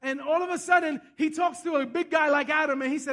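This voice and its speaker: A man preaching a sermon as pastor, telling stories and asking "Amen?", swinging between hushed and loud. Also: very high voice, quick pace, hardly any pauses. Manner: storytelling, repeats himself, asks the congregation "Amen?".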